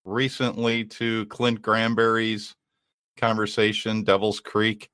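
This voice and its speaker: A man with a fairly low voice co-hosts a podcast and explains things in a measured, casual way. The recording is dry and close. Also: level tone, a bit bright, clean tone, dry recording. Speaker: podcast co-host. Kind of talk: casual chat.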